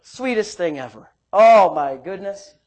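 A woman preaching a sermon, swinging between loud emphasis and hushed asides, telling homey stories with laughter. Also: mid-range voice, animated, unhurried.

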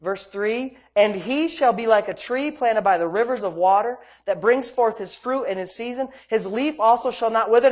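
A man's voice: sits high, normal speed, few pauses. A man preaching a sermon as pastor, fervent and exclaiming praise between verses.

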